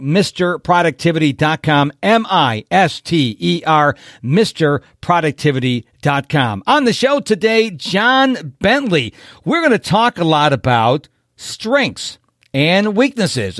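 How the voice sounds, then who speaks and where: A high-pitched podcast host from Rochester, in upstate New York, interviews a guest in a chatty, upbeat way. The recording is dry and studio quality.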